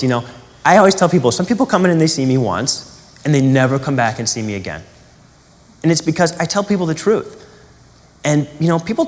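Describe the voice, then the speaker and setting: A man giving a spiritual teaching in an animated, conversational way, asking rhetorical questions and acting out quotes. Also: medium pitch, big-room sound.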